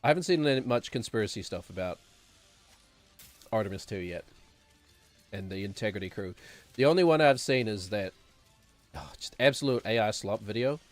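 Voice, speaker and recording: A man's voice: fairly low pitch, expressive, normal speed, long pauses, soft background music. A man streaming a game, rambling and sarcastic, chuckling as he talks. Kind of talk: casual gameplay commentary.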